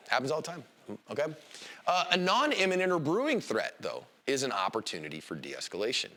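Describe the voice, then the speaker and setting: Brief: middle-aged male self-defense instructor, lively and joking, bright lively delivery. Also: mid-range voice, brisk. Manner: animated, joking, acts out quoted voices. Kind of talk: live classroom lecture.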